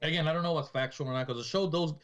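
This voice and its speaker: A man's voice: on the high side, very fast, fairly bright tone. A man in his forties co-hosting a podcast, chatting casually and rambling as he retells scenes. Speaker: podcast co-host. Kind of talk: casual chat.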